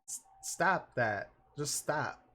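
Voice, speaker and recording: A man's voice: on the high side, animated, slow pace, pushed and bright, slight background noise, pitched above the performer's own voice, heavily acted. A man voicing a wheezy, stubborn old grandmother with a country drawl. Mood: urgent.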